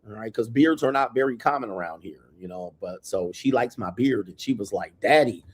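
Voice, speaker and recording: A man's voice: fairly low pitch, crowd noise. An American man hosting a live stream from a hotel room, bragging and hyping himself with a long run of titles. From United States. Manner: brash, swaggering self-hype with drawn-out titles. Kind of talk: boastful casual stream talk. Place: hotel room near an airport.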